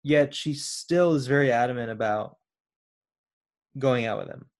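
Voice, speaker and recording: A man's voice: mid-range voice, measured pace. A man co-hosting a casual film chat, asking questions and laying out theories with many "uh" and "like" fillers. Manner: inquisitive, builds up theories with hesitant fillers. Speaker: podcast co-host.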